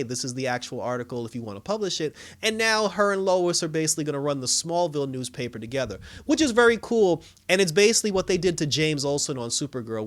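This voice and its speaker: Male reviewer, casual and animated recap, acts out quotes, mid-range voice. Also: medium pitch. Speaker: show reviewer.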